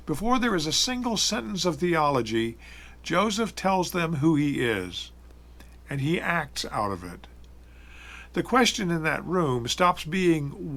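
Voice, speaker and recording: A middle-aged man preaching a sermon, telling the story in a measured, reflective way with emphatic repetition. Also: on the high side, big pitch swings, pushed and bright.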